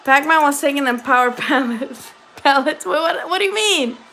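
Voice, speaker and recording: A woman's voice: sits high, lively intonation, normal speed, pushed and bright, a little hiss or hum. A woman hosting a boxing livestream from home, chatting casually and profanely with viewers and laughing often.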